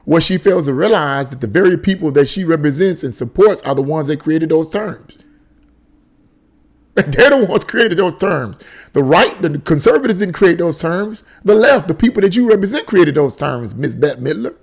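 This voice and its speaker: A man's voice: fairly high pitch, expressive, normal speed, vocal fry. A man hosting a solo political commentary show, reading tweets aloud with exasperated, incredulous remarks and repeated phrases.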